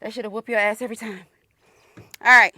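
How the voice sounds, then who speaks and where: A woman's voice: a little high, fairly even intonation, fairly quick, sharp tone, no echo. A woman hosting a casual shooting range vlog outdoors, chatty and exclamatory, slightly out of breath from the humid heat. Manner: chatty and exclamatory, calls viewers y'all. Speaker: firearms channel host.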